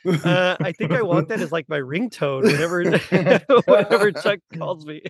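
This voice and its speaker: A man's voice: sits high, normal speed. A man hosting a podcast, reading a skit script aloud and giggling through it. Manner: giggly, breaking into laughter while reading. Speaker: podcast host.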